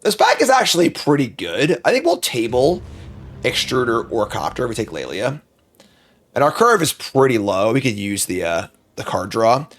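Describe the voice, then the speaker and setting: Streaming a card game draft, a man with a mid-range, sing-song voice talks casually to himself while weighing each pick. He mutters and thinks aloud, now and then flaring up in quick bursts of frustration.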